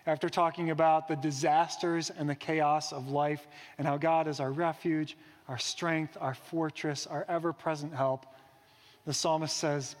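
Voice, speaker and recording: A man's voice: fairly high pitch, level tone, a little slow, in a large hall. A man preaching a sermon in an earnest, reflective way, posing rhetorical questions. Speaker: pastor.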